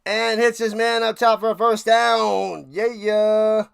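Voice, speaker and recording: A man with a high voice and a gravelly, fry-laden edge hosts a live watch party stream. He calls plays and rants sarcastically to his chat. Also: flat delivery, takes it slowly. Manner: ranting, sarcastic, talks to chat. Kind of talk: live play-by-play and casual rant.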